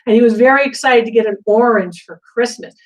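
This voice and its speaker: A middle-aged woman hosting a live antiques Q&A, chatting casually and telling animated stories full of asides. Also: fairly high pitch, fast, rough recording. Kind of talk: casual live-stream chat.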